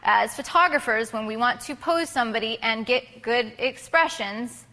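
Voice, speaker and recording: A woman's voice: fairly high pitch, normal speed, pushed and bright. Chatty woman teaching in a reverberant hall. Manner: casual, chatty, many fillers and restarts. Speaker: photography instructor. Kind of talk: live workshop talk.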